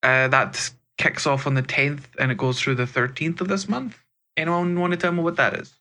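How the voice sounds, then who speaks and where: Bright-voiced Scottish man, podcast co-host. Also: on the high side, steady tone, normal speed. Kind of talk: casual gaming podcast chat.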